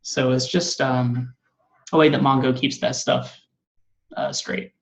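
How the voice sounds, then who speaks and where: A man's voice: medium pitch, steady tone, measured pace, gravelly, rough recording. A male coding instructor giving a classroom lecture, rambling with many filler words.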